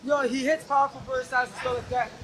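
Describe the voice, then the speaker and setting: A man's voice: very high-pitched, steady tone, fast, a bit bright. A young man being interviewed after a boxing bout, who rambles and then turns confrontational and defensive. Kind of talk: post-fight interview.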